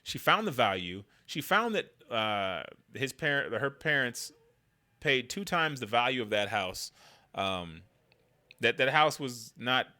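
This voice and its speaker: Bright-voiced, slangy man riffing on politics. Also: medium pitch, big pitch swings, unhurried. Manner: slangy and conversational, riffing loosely. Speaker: political commentator. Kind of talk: casual political commentary vlog.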